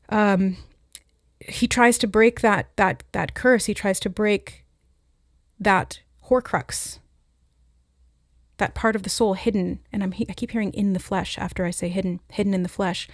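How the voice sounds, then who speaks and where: A woman's voice: mid-range voice, dry recording, clean studio sound. Earnest woman giving a spiritual reading. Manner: earnest and reflective, pausing to relay messages she hears. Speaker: intuitive tarot reader.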